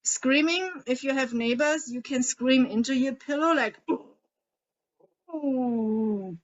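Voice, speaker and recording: A woman coaching a group through a guided tapping and emotion-release exercise, speaking in a gentle, coaxing way and asking many guiding questions. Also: high-pitched, normal speed, dull audio. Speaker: emotional eating coach leading a group session.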